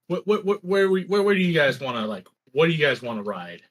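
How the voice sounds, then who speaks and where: Teasing, lively male game master. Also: a little high, fast. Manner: playful, teasing. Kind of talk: narrating a tabletop game.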